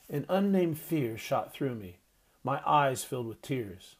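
A man reading a story aloud as narrator, steady and measured. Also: mid-range voice, husky. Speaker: audiobook narrator. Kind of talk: scripted narration.

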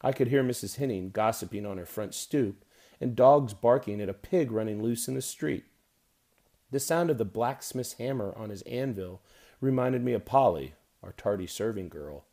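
A man narrating an audiobook in a measured, wry storytelling manner. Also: mid-range voice, animated, vocal fry, mellow. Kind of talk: scripted narration.

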